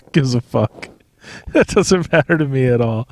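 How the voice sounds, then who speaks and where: A man's voice: mid-range voice, expressive, a little slow. Profane rambling male podcaster. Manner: profane, digressive, laughs often. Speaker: podcast host. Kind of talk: rambling solo podcast monologue.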